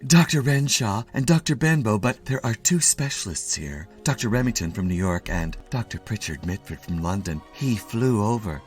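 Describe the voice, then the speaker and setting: Brief: a man voicing a brisk young female nurse in an audio story, barely disguised. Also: on the low side, lively intonation, soft background music, natural voice.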